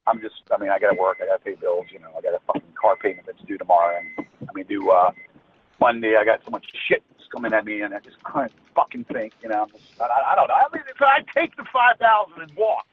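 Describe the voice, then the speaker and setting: A man's voice: fairly low pitch, very animated, fast talker. Furious stammering man on a phone line. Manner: angry ranting, stammering restarts, heavy swearing. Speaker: person on a phone call. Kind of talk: heated phone conversation. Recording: tinny phone line with faint noise.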